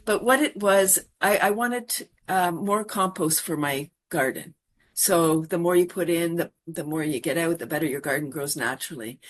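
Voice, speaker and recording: A woman from Canada, a panel guest, chatting casually and laughing between thoughts. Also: on the low side. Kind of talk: casual chat.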